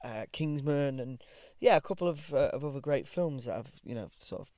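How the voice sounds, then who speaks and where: A man's voice: mid-range voice, expressive, normal speed, mellow, dry recording, studio quality. A young man chatting casually as a podcast guest, rambling with lots of ums, restarts and easy laughs, swearing now and then. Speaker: guest actor. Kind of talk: casual chat.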